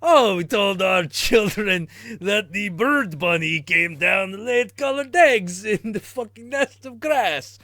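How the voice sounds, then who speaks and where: A man putting on a loud German father with a German accent, as a joke on a livestream. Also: high-pitched, lively intonation, slow pace, few pauses, dry recording, studio quality, heavily acted. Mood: boisterous. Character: loud German father, joking about Easter.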